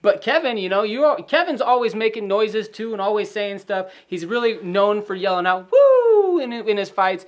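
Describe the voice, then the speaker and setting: A man co-hosting a casual podcast, running through fighter stats in a steady listing manner. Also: high-pitched, normal speed, few pauses, muffled recording. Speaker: podcast co-host. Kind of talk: casual sports prediction chat.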